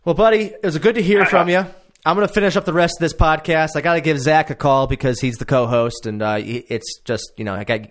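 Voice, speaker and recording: A man's voice: on the high side, fast, hardly any pauses. A man hosting a podcast, talking in a laid-back, earnest way and often repeating words. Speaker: podcast host. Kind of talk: casual chat.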